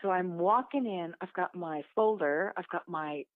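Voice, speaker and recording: A woman speaks a bit low for her sex, her voice thin and tinny as if carried over a phone line, with a dry, close sound and no room around it. She tells her story candidly and with life, swearing freely and slipping into the voices of the people in it. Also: normal speed, dry recording. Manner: lively, swears freely, acts out what others said. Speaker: guest telling her story.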